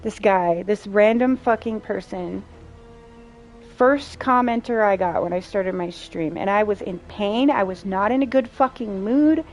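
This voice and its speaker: A young adult woman streams while playing a game, chatting casually in a blunt, profane, sarcastic way. Her voice is mid-range and darkish in tone, at a measured pace. Faint game music plays behind her.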